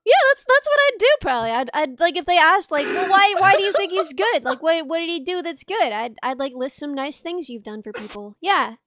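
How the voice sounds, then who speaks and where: A woman's voice: very high voice, lively intonation, a little fast, hardly any pauses, fairly bright tone, dry recording. A woman streamer chatting casually and teasing her friend bluntly, laughing often. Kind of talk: casual chat on a live stream.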